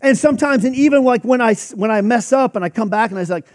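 High-voiced man preaching conversationally. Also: quick pace, hardly any pauses, no room sound, clean studio sound. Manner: conversational, emphatic, with frequent restarts and quoted asides. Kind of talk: sermon.

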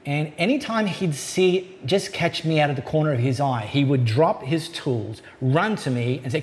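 A man preaching a sermon as a pastor, in a conversational way, slowing down to stress key points. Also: a little high, expressive, a little mellow.

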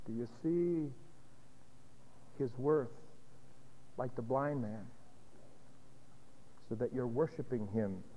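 Slow dramatic male pastor's sermon, long pauses, echoey hall, muffled recording. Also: medium pitch.

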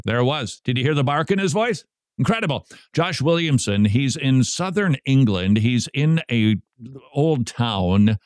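A man hosting a radio show, commenting on a recorded sermon in a slow, emphatic way with wry humor. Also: mid-range voice, expressive, a little mellow, dry recording, clean studio sound.

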